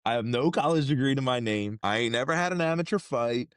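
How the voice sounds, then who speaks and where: A man in his thirties, a combat sports inspector, telling stories in a casual interview with slangy, animated talk and frequent restarts. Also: mid-range voice, fairly quick, smooth, dry recording, clean studio sound.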